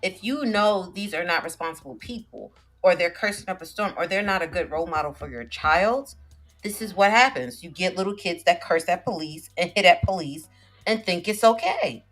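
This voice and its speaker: A woman's voice: lowish voice, expressive, moderate pace, a bit bright, faint music behind, low-quality recording. A woman co-hosting a casual discussion, speaking earnestly and with emphasis. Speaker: podcast co-host.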